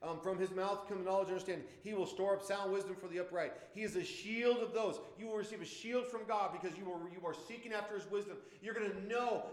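A man's voice: high-pitched, roomy sound. A man leading a Bible study, preaching with fervent, repetitive emphasis and bursts of praise.

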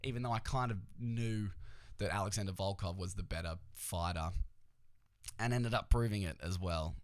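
A man's voice: low-pitched, normal speed, no echo, clean studio sound. A man hosting a podcast, chatting casually about sports in a joking, profane, rambling way. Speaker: podcast host.

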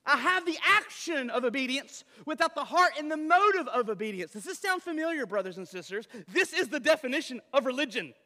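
A man preaches with animated energy, tossing rhetorical questions to his listeners. His voice sits high and bright. It carries a long reverb, as in a large church hall. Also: a little fast, few pauses. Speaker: pastor. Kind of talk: sermon.

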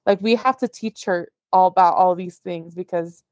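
A young woman co-hosting a podcast in casual chat, talking quickly through stories with lots of filler words. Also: fairly low pitch, no echo, clean studio sound. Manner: chatty, heavy on fillers, animated retelling. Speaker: podcast co-host.

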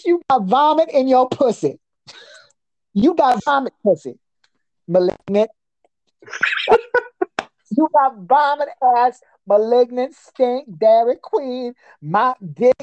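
A woman's voice: sits high, lively intonation, takes it slowly, long pauses, warm tone, highs cut off. A woman guest on a comedy podcast, delivering a crude, profane roast in a mocking voice and breaking into nonsense singsong chants.

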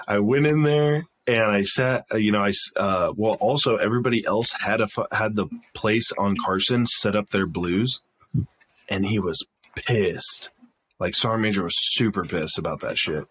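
A man's voice: fairly low pitch, fairly bright tone, breathy edge. A young man casually telling a profane, laughing story as a podcast guest.

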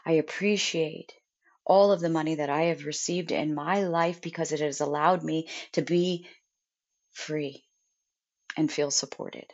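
A young woman, a mother, talking earnestly and deliberately about gratitude in a reflective self-help monologue. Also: sits low, fairly even intonation, a little mellow. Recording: dull lo-fi sound.

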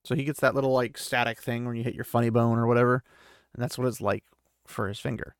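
Laid-back male podcast host, gravelly, dry close mic, chatty paraphrasing. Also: medium pitch, steady tone, quick pace, dry recording. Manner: loose, conversational paraphrasing with fillers. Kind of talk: casual book recap.

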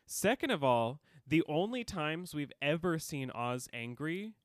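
A man's voice: on the high side, sing-song, a little slow. A man co-hosting a podcast, chatting casually and animatedly as he recaps a TV episode, laughing often and quoting the characters. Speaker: podcast co-host.

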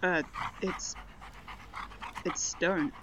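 A woman playing a haunted, grieving college student who speaks softly and grows jumpy. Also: fairly low pitch, fairly even intonation, very slow, background noise. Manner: shaken, soft-spoken, snapping when frightened.

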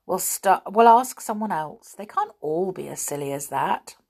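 A woman's voice: fairly low pitch, animated, measured pace, breathy edge, exaggerated voice. A woman voicing a giggly, sensible young girl in a children's story who is easily annoyed by silliness. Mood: lively, scolding.

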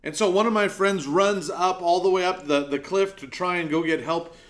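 Storytelling pastor, slightly high voice. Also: male voice, moderate pace. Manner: storytelling, with acted-out quotes. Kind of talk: sermon.

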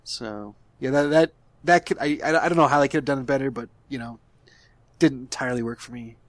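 A man giving his take in a casual movie review chat, at an ordinary middle pitch. He talks hesitantly, doubling back on words. The sound is dry, with no room echo. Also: fairly quick. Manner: hesitant, repeats words often. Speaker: podcast co-host.

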